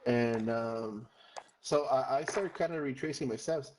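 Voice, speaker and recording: A man's voice: mid-range voice, a little slow. A young male streamer with an ordinary mid-range voice tells a long, rambling story while he games. He curses freely, says "bro" constantly and mixes Spanish phrases into his English. Faint noise sits under his voice. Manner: switches between English and Spanish. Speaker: gamer streamer. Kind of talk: casual storytelling while gaming.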